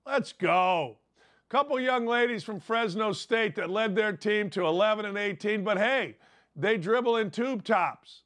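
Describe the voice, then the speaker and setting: An older man hosts a sports radio talk show, delivering an opinionated monologue in a brash, sarcastic, rambling rant. His voice is high, unhurried, and fairly bright.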